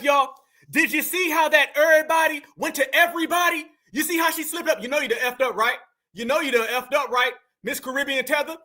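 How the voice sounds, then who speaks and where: A man's voice: extremely high pitch, fairly even intonation, a little fast, sharp tone. A man hosting a reaction commentary. He talks emphatically and mockingly, repeating his points straight to his audience. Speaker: commentary channel host. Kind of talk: reaction commentary on a played clip.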